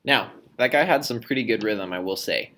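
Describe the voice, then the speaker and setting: A man's voice: lowish voice, lively intonation, brisk, fairly bright tone. A man teacher explaining how to read poetry aloud in a recorded lesson, demonstrating points with his own voice.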